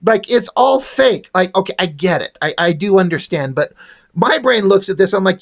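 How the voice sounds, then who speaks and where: A man's voice: sits high, big pitch swings, fairly quick. A man reviewing a comic book in a casual rant, sarcastic, exasperated and full of swearing.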